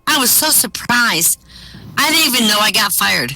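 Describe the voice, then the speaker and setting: A man doing stand-up, telling one-liners and short jokes with deadpan punchlines over voice chat. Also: high-pitched, moderate pace, vocal fry, a little hiss or hum, low-quality recording. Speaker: stand-up comic. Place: virtual-world comedy venue, voice chat.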